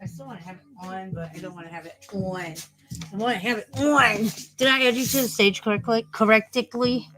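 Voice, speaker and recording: A woman's voice: medium pitch, moderate pace, fairly bright tone, poor audio. A woman hosting a casual livestream, talking in a profane, rambling and easily distracted way. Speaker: livestream host.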